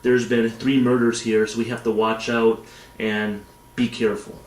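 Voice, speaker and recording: A man's voice: mid-range voice, level tone, normal speed, lightly acted. A man quoting a balding older man who solemnly warns a dancing crowd, in an echoey room. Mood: warning.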